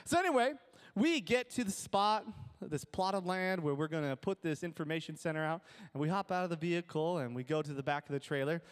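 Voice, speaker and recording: A young man with an Upper Midwest American accent preaches with a fairly high, bright-pitched voice. He tells his story with lively jokes, laughing at his own punchlines, then moves into teaching. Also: a little fast, clean tone. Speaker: pastor. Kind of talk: sermon with storytelling.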